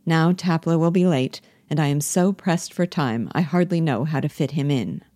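A woman reading the part of a prim, complacent schoolmaster who speaks gently and formally. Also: low voice, moderate pace, no echo, lightly acted. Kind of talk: play reading.

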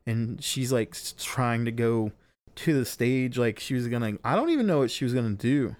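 A young man in the middle of a long, rambling story, packed with fillers and plenty of swearing. His voice sits at an ordinary middle pitch. The sound is close and dry, with no room echo. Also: lively intonation, normal speed, a little mellow. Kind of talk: casual podcast storytelling.

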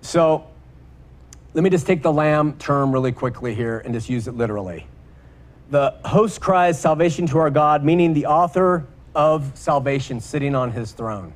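A man preaching a sermon, emphatic, repeating words for stress and slowing down on key points. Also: mid-range voice, animated.

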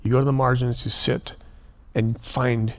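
A man's voice: mid-range voice, a little slow. Guy telling a prison ministry story, earnest, acts out the quotes. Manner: earnest, animated retelling with quoted dialogue. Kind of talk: conversational storytelling.

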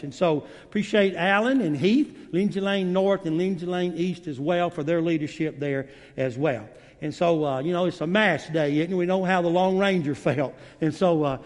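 A man preaching a sermon as guest preacher, in a folksy way with many fillers. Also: high voice. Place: church sanctuary. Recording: long reverb of a church hall.

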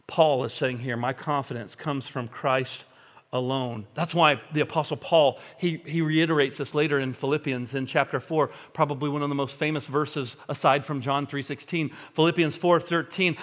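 An earnest male pastor preaching a sermon in a slightly higher-than-usual voice. He moves between quiet, confessional passages and bursts of fervent emphasis. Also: steady tone, fairly quick.

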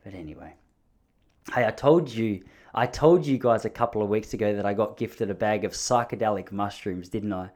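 A man's voice: lowish voice, moderate pace, a little mellow. A man in his thirties telling rambling, joking stories in a casual monologue, often mocking himself.

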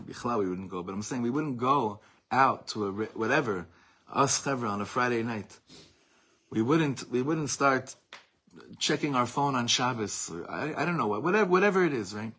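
Husky-voiced man teaching a passionate class. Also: mid-range voice, expressive, normal speed, fairly bright tone. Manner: reads Hebrew source, then explains it in English; impassioned, repeats words for emphasis. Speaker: Torah teacher. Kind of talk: religious class lecture.

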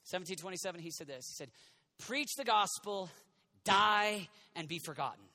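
A man preaching an energetic youth sermon, animated and jokey, acting out quoted voices and sometimes shouting. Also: high voice, moderate pace. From United States. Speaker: youth minister.

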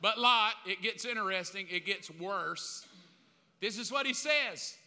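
A man's voice: high-pitched, measured pace, bright, forceful tone. A middle-aged man preaching a sermon, telling the story with humor and acting out the voices of a crowd. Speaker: pastor. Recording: long reverb of a large hall.

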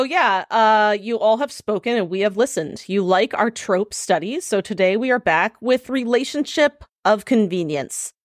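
A woman's voice: mid-range voice, no room sound, studio quality. A woman co-hosting a podcast who leads the segment and reads a definition aloud in an organized way. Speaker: podcast co-host. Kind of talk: casual chat and reading aloud.

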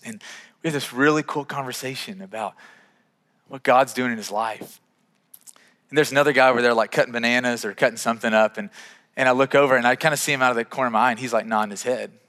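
Pastor telling a story in a hall. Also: male voice, medium pitch, brisk. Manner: animated, self-deprecating storytelling with acted dialogue. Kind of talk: sermon storytelling. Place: church sanctuary. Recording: reverberant church hall.

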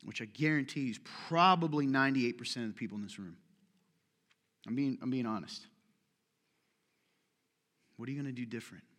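A man's voice: a little high, fairly bright tone. A man preaching a sermon to a congregation, talking casually, cracking jokes and firing pointed questions at the room. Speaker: pastor. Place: large church hall.

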